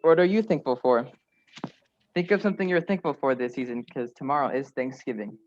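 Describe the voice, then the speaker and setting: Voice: mid-range voice, brisk, darkish tone, muffled recording, a little hiss or hum. A young presenter showing pictures and saying what they are thankful for, in simple, earnest sentences over a video call. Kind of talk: show-and-tell reading.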